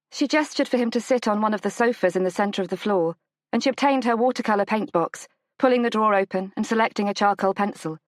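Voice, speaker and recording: A woman narrating a romance audiobook in a measured, gentle storytelling manner. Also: no echo. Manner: measured, gentle storytelling, lifts pitch for the heroine's lines. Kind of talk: scripted narration of a romance novel.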